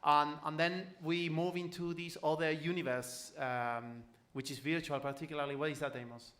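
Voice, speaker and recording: A man's voice: fairly high pitch, fairly even intonation, normal speed, a bit bright. A man presenting a casual radio discussion in the studio, affirming his guests and steering with questions. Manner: affirming, leads the talk with questions.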